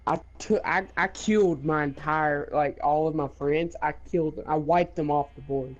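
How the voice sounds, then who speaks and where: High-voiced swearing young man. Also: steady tone, moderate pace, dull audio. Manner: profane, boastful, rambling with many fillers; laughs while telling the story. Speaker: gaming video creator. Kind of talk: casual storytelling chat.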